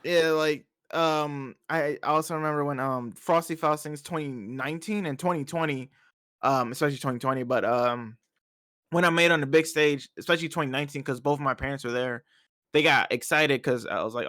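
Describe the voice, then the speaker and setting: A young man, a podcast guest telling animated stories and laughing often in casual chat. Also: a little high, brisk, no room sound, clean studio sound. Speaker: podcast guest, fighting game player.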